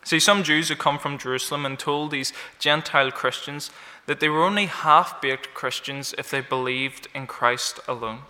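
Man, preacher, sermon, very bright tense tone, emphatic rises, long church reverb. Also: on the high side, normal speed, few pauses. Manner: animated, rising in emphasis on key words; light self-deprecating humor.

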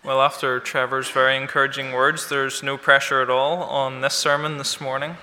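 Bright-voiced male preacher in an echoing hall. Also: mid-range voice, normal speed. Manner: animated, rising in emphasis on key words; light self-deprecating humor. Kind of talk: sermon. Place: church. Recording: long church-hall reverb.

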